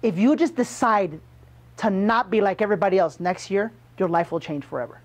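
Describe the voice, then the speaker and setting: Speaking fairly quickly in a high-pitched voice, a man coaches a roomful of salespeople. His motivational training talk is punchy and forceful, packed with questions thrown at the audience.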